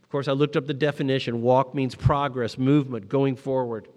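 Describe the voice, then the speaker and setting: A middle-aged man delivers a sermon in a big echoing hall, his voice sitting at an ordinary male pitch. He tells stories from his own life, swelling to emphatic peaks and sinking into quiet, tender stretches. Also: steady tone, brisk. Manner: storytelling, rising to emphatic peaks and dropping to quiet moments. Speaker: pastor.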